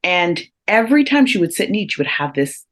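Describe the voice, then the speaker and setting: A woman's voice: on the low side, brisk. A woman who is a guest speaker on parenting, telling a family story in conversation, laughing often and speaking directly to listeners. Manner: animated, laughs often while telling stories.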